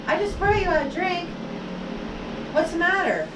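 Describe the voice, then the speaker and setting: A giggly, playful woman with a high, lively voice trades banter in a home garage. She sits away from the microphone, so her voice sounds distant and echoey over loud shop noise. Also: moderate pace. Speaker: host's partner. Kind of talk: playful banter during a skit.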